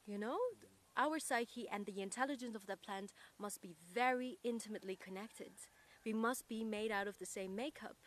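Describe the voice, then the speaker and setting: A woman talking as an interview guest, earnest and reflective. She searches for her words with small pauses. Her voice sits at an ordinary middle pitch. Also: a bit bright.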